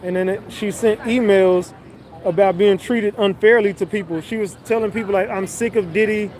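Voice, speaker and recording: High-voiced man ranting on a street. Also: steady tone, normal speed, darkish tone. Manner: blunt, profane, mocking retelling. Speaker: commentary vlogger. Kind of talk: casual recap commentary.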